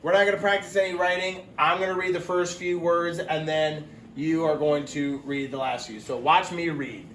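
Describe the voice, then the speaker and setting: A man's voice: a little high, normal speed, few pauses, roomy sound, very noisy. A man teaching a phonics lesson for young children, upbeat and encouraging, stretching out the sounds he teaches.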